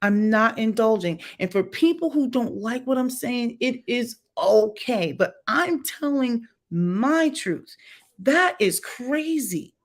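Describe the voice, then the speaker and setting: A woman's voice: on the high side, animated, slow, hardly any pauses. Blunt, opinionated woman commentator. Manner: emphatic, blunt, talks to viewers. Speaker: commentary livestreamer. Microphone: home livestream setup.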